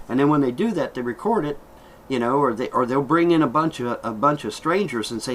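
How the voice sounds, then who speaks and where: A man's voice: medium pitch, expressive, fairly quick, fairly bright tone, a little hiss or hum, poor audio. Agitated man ranting into camera. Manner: aggrieved, heated ranting with swearing and repetition. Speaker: vlogger. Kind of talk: angry vlog rant.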